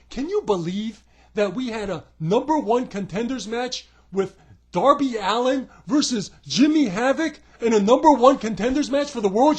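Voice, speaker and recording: High-pitched guy doing a snarky profane rant, yells a lot. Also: slightly rough. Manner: sarcastic, profane and mocking; often breaks into shouting. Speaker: wrestling commentary vlogger. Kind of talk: comedic rant.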